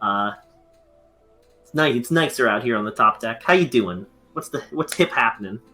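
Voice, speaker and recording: A man's voice: mid-range voice, animated, normal speed, bright, forceful tone, soft background music. A man playing a tabletop game, rambling and joking with lots of fillers. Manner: rambling and jokey, many fillers. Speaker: player. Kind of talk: casual tabletop game play.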